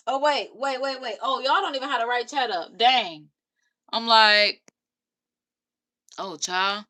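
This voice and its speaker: A woman's voice: a little high, moderate pace, pauses often, sharp tone. A young woman, reacting to viewer comments on her live stream in sassy casual chat. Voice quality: raspy. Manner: sassy, talks back to commenters.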